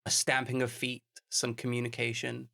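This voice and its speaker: A man's voice: medium pitch, monotone, normal speed, vocal fry, bright, forceful tone. A man running a tabletop game as game master, laughing often and joking at his own expense. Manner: laughs often, self-deprecating.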